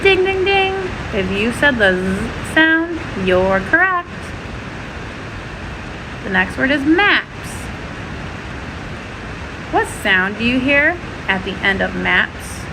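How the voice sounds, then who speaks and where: A woman teaching a first-grade phonics lesson, sounding out letters and words slowly and clearly. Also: fairly high pitch, very animated, noisy background.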